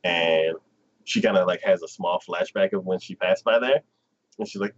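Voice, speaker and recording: A low-pitched man talking at a moderate pace hosts a casual anime livestream chat, retelling an episode's plot. His animated retelling is full of fillers, and he acts out characters' lines in quotes. The audio is dull.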